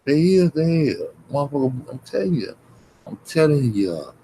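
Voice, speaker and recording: A man's voice: on the high side, sing-song, normal speed, warm tone, slight background noise, poor audio. Cursing, combative man ranting at his stream chat. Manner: confrontational, heavily cursing, repetitive. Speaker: livestreamer. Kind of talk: profane rant at chat.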